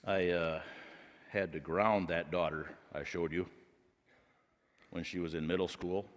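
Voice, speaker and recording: A man preaching a sermon as a pastor, telling a personal story and building to loud, emphatic points. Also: low voice, steady tone, a little slow. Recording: long reverb of a large hall.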